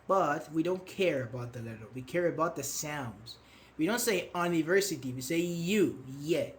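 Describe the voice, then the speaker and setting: A man's voice: on the high side, animated, normal speed. A man teaching an online grammar class, patiently explaining with examples and praising his students. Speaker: English teacher.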